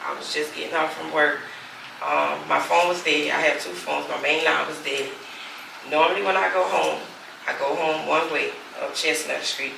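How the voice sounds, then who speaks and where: A woman's voice: low voice, gravelly. A mother giving a candid personal testimony for a documentary, acting out the phone calls she recounts in quoted dialogue. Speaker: mother telling her story. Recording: echoey room, distant mic, background noise.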